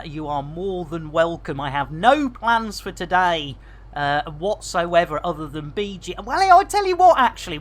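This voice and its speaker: A woman chatting casually and jokily to her viewers while she plays a game live, full of slang and quick to laugh. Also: fairly low pitch, fairly bright tone. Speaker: game streamer. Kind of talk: casual live-stream chat while playing.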